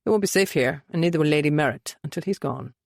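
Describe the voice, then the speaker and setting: A woman voicing a reserved young man who speaks quietly and carefully. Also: low-pitched, creaky, no room sound, studio quality, pitched below the performer's own voice. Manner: quiet and measured.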